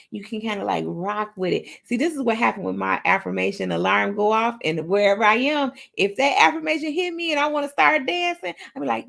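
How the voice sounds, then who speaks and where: A woman with a medium-pitched, creaky, fairly bright voice speaks at a moderate pace. As host of a motivational talk show, she leads affirmations emphatically, repeating each aloud with playful sing-song flourishes.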